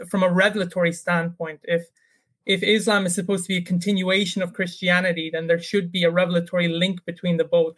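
A man's voice: high-pitched, fairly bright tone. A man on a video call answering in a debate, hesitant and reasoning aloud with many restarts. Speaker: Christian panelist in a debate.

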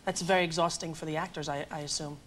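A woman's voice: low-pitched, fairly even intonation, fast talker, a bit bright. A woman hosting a talk show, bantering and joking with her guest. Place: TV studio with audience. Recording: studio noise with audience.

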